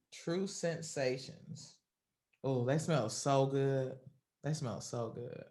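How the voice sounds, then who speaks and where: A man's voice: mid-range voice, a little mellow. A man co-hosting a casual podcast, talking in a laid-back, joking way with some cursing. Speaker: podcast co-host.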